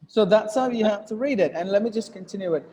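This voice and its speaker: High-voiced male teacher, echoey classroom. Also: quick pace, mellow, slight background noise. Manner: explains step by step, with fillers and repeated phrases. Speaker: English teacher. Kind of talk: classroom lesson on reading aloud. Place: classroom with students.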